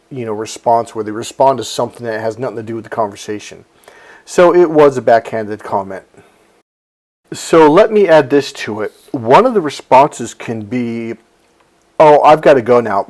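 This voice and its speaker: A man's voice: mid-range voice, a little mellow. A man hosting a motivational coaching talk, speaking bluntly and emphatically with plenty of swearing and repeated phrases. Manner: acts out voices of people in his stories. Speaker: life coach and channel host. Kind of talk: direct-to-camera motivational talk.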